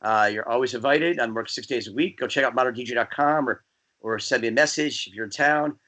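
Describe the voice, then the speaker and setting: A man from New Jersey, a guest DJ, chatting casually and telling rambling, animated stories. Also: mid-range voice, fast. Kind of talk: casual podcast chat.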